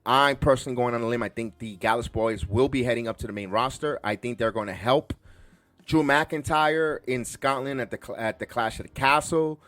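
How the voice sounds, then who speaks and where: Excitable rambling podcast man, dry sound. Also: mid-range voice, a little fast, no room sound. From the Bronx, New York. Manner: rambling, excitable, many restarts. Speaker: podcast host. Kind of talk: casual wrestling show review.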